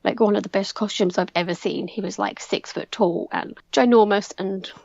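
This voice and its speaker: A young English woman chatting excitedly as a podcast guest, peppering her story with "like". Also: medium pitch, normal speed, gravelly, dry recording, dull audio. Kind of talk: casual chat.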